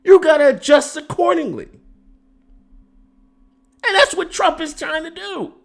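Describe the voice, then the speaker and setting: A man's voice: very high voice, animated, unhurried, gravelly. A man hosting a casual political commentary stream, rambling off on tangents and restarting his sentences, emphatic and exasperated. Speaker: host.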